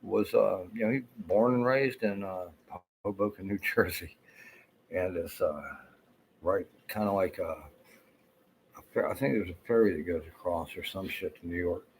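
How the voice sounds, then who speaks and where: A man's voice: low-pitched, moderate pace, vocal fry, a little hiss or hum, poor audio. A man in his fifties with a Southern US accent, telling rambling, profane stories with lots of fillers. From Florida. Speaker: vlogger. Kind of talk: casual rambling storytelling.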